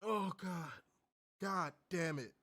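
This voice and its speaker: A man co-hosting a casual review podcast, loud and profane, laughing often and swooping high when amused. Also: slow pace, no room sound, studio quality. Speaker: podcast co-host.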